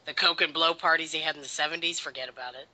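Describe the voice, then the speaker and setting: A man's voice: fairly high pitch, steady tone, very fast, pushed and bright, rough recording. A man co-hosting a casual film commentary, joking around and leaning on fillers like "you know.". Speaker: podcast co-host.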